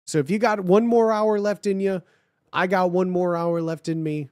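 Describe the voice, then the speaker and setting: A livestream host doing a comedic live reading of fan fiction. The voice is hoarse from hours of talking, and the delivery is playful and slangy, swinging between loud bursts and mumbles. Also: mid-range voice, steady tone, normal speed, no echo, clean studio sound.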